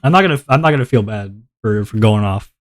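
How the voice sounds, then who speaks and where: A male streamer with a lowish, animated voice talks quickly and casually to his viewers while he draws. He rambles, pokes fun at himself, and laughs often.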